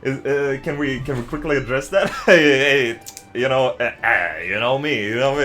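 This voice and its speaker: A man streams from his desk at home and rants to his chat, swearing at every turn and breaking into loud outbursts. His voice sits a little high with a bright, forceful edge. Faint music plays behind him. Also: lively intonation. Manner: profane, swears constantly; agitated, fast ranting with loud outbursts. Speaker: game streamer. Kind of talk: casual live-stream rant to chat.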